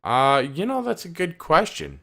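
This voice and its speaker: A man co-hosting a casual gaming podcast, swearing a lot and swinging between loud outbursts and low muttering. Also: huge pitch swings, moderate pace. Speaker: podcast co-host. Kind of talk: casual chat.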